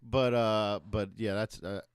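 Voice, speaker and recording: A man's voice: lowish voice, steady tone, unhurried, clean tone, no echo, studio quality. Joking man guesting on a podcast. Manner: joking, acts out bits in silly voices. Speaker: comedian guest. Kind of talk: casual comedy podcast chat. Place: podcast studio.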